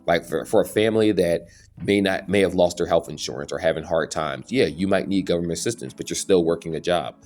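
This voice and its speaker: A man with a very low voice gives an earnest, preachy monologue to his viewers, stumbling and restarting now and then. Faint music plays softly behind him. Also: a little fast. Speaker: YouTube channel host. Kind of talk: casual opinion monologue.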